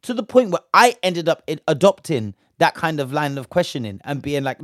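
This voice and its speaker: A man's voice: fairly high pitch, sing-song, a little fast, fairly bright tone, no echo, clean studio sound. A young British man from Bristol giving a heated, slang-filled commentary rant, indignant and emphatic. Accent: British English. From Bristol, England.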